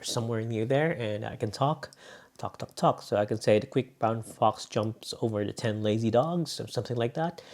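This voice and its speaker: This vlogger's voice is mid-range, a little mellow, at normal speed, with a Filipino Bisaya accent. He's casually testing microphones indoors, rambling unscripted with many fillers as the echoey room sound shifts between mics.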